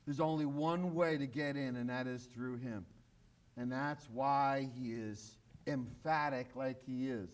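A man preaching a sermon with emphasis, swinging from loud declarations to quiet, low asides. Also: a little slow. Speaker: pastor. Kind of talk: radio sermon.

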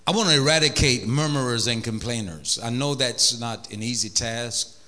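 A man preaching a sermon, exhorting the congregation and mimicking voices. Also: moderate pace. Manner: animated, exhorting, mimics voices in high pitch.

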